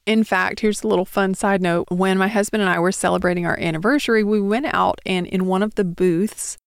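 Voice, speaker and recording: Woman in her 30s doing a solo podcast, smooth clear voice, dry close sound, chatty and encouraging. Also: mid-range voice, steady tone, fairly quick, no echo. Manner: chatty, encouraging, with small laughs. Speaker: podcast host.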